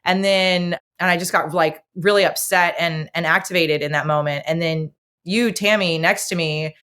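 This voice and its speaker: Low-voiced woman telling stories. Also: moderate pace. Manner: lively storyteller, acts out quoted voices. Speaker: podcast guest, host's best friend. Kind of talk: casual chat.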